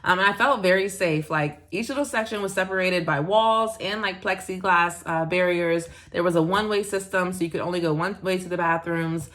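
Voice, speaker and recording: Young American woman, casual vlog narration, chatty with fillers, slightly low voice. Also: a little fast, few pauses, fairly bright tone. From United States. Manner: chatty, frequent "like" and little laughs. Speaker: vlogger.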